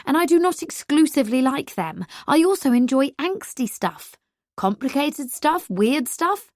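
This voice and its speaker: A woman voicing a teasing, sharp-tongued young woman in an audiobook, deadpan and quick with comebacks. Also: high voice, no room sound, studio quality, pitched above the performer's own voice. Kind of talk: audiobook character voice.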